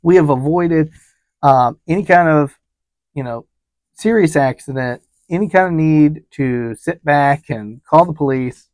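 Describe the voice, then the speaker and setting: Man, travel advisor, storytelling vlog, animated, acts out dialogue, slightly high voice. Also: unhurried, dry recording. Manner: animated retelling with quoted dialogue and fillers.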